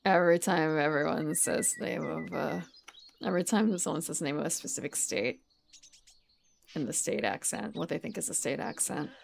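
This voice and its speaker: A young woman streaming a board video game, thinking aloud in soft, mumbling casual commentary. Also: deep voice, normal speed, gravelly, a little hiss or hum.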